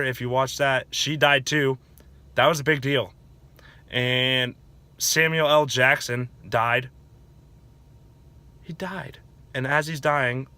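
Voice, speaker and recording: A man talking casually in a movie review video, excitable and rambling with lots of slang. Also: mid-range voice, no echo.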